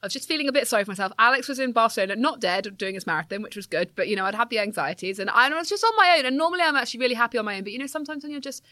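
A young woman co-hosting a podcast, telling a story in a casual, animated, self-mocking way and swearing freely. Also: on the high side, racing, few pauses, no room sound. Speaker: podcast co-host.

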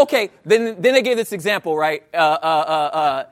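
A man's voice: fairly high pitch, moderate pace, hardly any pauses. A man with a Los Angeles accent doing stand-up, telling a story to the crowd and acting out the voices. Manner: animated, talks to the crowd, acts out voices. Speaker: stand-up comedian.

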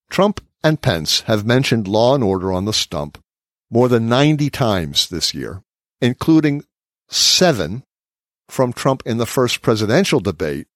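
A man's voice: medium pitch, big pitch swings, unhurried, no echo, clean studio sound. A man hosting a political discussion podcast, reading quotes from his notes and laughing often. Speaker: podcast host.

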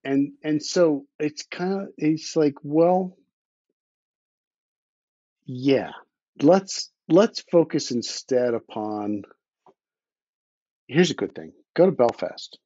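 A man's voice: on the high side, lively intonation, slow, pauses often, mellow, no echo. A blunt, opinionated man talks as a guest on a podcast, often restarting his sentences and swearing now and then. He has the hiccups. His voice comes through dry and a little dull, as from a remote recording. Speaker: podcast guest, underwater explorer. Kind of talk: casual conversational interview.

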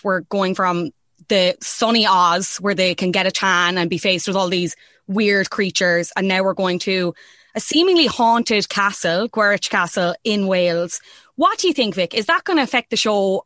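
A woman's voice: mid-range voice, normal speed, a bit bright, no room sound. A woman hosting a podcast in an eager, chatty tone. She strings her questions together in a dry, close recording. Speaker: podcast host. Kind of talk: casual chat.

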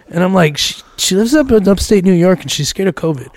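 A man's voice: high-pitched, animated, fast, darkish tone, no room sound. A man co-hosting a casual chat, teasing his friend and laughing often. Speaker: podcast co-host.

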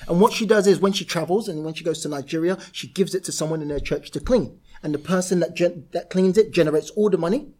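A British man speaking as a podcast guest, his voice sitting a little higher than most men's. He talks in an animated, storytelling way, slipping into quoted voices as he goes. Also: quick pace, hardly any pauses. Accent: British English. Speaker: property entrepreneur guest. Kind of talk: podcast interview.

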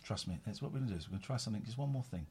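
A man's voice: lowish voice, animated, rapid-fire, darkish tone, a little hiss or hum. A tired man, host of a casual live stream, rambling and repeating himself.

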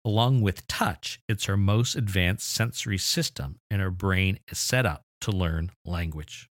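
Deep-voiced man explaining enthusiastically. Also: measured pace, no room sound, studio quality. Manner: enthusiastic, explanatory, mildly exasperated asides. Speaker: podcast host. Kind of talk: educational podcast talk.

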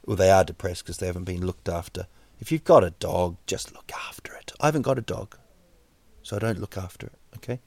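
A man with a New Zealand accent hosting a solo podcast, rambling deadpan jokes with many fillers and restarts. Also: low voice, fast talker, gravelly, no room sound. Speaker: podcast host. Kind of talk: solo comedic podcast monologue.

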